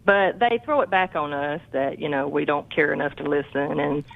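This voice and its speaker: A woman caller with a gravelly, creaky voice, earnestly describing her family troubles. Her voice comes through a dull phone line. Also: low voice, fairly even intonation, normal speed. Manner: earnest, recounting frustrations. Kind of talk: phone-in conversation.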